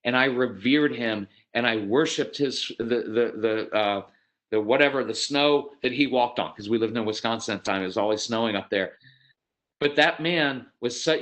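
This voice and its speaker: A man in his fifties giving a seminar talk to parents, telling stories animatedly, acting out quotes and repeating words as he starts sentences. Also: mid-range voice. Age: 50s. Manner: animated storytelling, acts out quotes. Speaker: parenting speaker.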